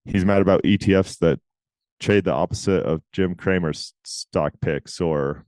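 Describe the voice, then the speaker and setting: A man co-hosting a podcast in casual chat, talking emphatically with quick asides. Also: sits low, a little mellow, no room sound. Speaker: podcast co-host.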